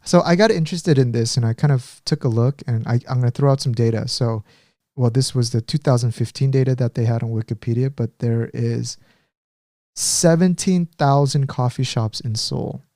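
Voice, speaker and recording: A man from Korea co-hosting a podcast, talking in a relaxed, teasing way and often trailing off mid-sentence. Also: medium pitch, normal speed, dry recording, clean studio sound. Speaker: podcast co-host. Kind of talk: casual chat.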